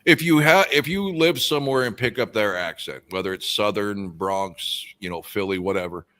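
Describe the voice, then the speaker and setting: A man with a very low, deep voice chats casually on a live stream. He reads viewer comments and rambles through his own musings, with plenty of ums and uhs along the way. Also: normal speed, fairly bright tone. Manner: rambling, musing aloud with many fillers. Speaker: stream co-host reading out chat comments.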